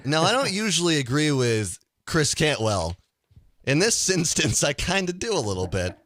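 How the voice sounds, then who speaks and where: A man's voice: on the high side, moderate pace, no room sound, studio quality. A man hosting a casual call-in radio show, ranting with energy and stumbling over his words. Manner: animated, ranting, stumbles and restarts.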